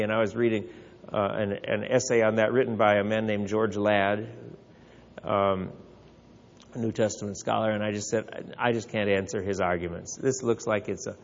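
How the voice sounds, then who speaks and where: A man's voice: lowish voice, a bit bright, big-room sound, lo-fi sound. A man teaching a Bible class in a conversational way, asking rhetorical questions and taking questions from the group.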